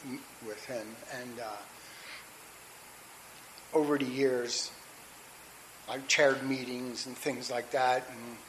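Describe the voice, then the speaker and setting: A man's voice: medium pitch, rough recording. Middle-aged man, plain mid-range voice, heartfelt rambling recovery share; faint hiss. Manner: candid, rambling with restarts and fillers. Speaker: recovering alcoholic sharing his story. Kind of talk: personal testimony at a recovery meeting.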